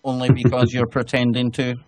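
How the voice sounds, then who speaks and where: A man's voice: mid-range voice, completely flat delivery, brisk, darkish tone, a little hiss or hum. A Scottish man hosting a casual online radio talk show, joking and teasing his co-hosts. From Scotland. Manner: joking, teasing, laughs often. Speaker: show host.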